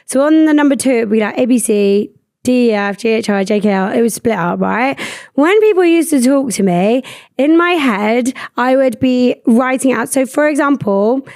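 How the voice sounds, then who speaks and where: A young woman hosting a podcast, talking in a rambling, animated way and swearing freely. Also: a little high, moderate pace, no echo, studio quality. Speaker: podcast host. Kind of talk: casual chat.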